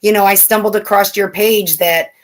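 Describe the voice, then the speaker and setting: A woman's voice: mid-range voice, fairly even intonation, normal speed. Chatty woman telling personal stories. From California, USA. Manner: chatty, with many fillers and restarts. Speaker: guest. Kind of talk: casual storytelling chat.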